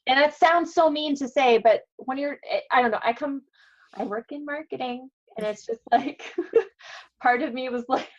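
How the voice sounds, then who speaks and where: A woman's voice: high voice, moderate pace, muffled recording. A woman co-hosting a gaming podcast, talking in an emphatic, opinionated way. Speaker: podcast co-host. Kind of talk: casual chat.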